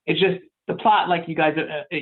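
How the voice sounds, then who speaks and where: A man's voice: a little high, fairly even intonation, a little fast. A man in casual podcast chat, hesitant at first, then arguing his point. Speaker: podcast panelist. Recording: tinny phone-like line.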